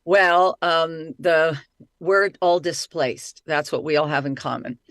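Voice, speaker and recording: A middle-aged woman, an actress and voice-over artist, chatting excitedly in an interview. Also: low-pitched, takes it slowly, dry recording, clean studio sound. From Italy. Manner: lively, talkative, excitable. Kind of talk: casual interview chat.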